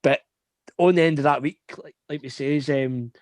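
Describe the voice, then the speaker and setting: A young Scottish man spins a rambling anecdote to his mates, laughing and swearing as he goes. His voice sits a little high and the sound is dry and close. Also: normal speed, a little mellow, no echo. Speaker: podcast host. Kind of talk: casual storytelling chat.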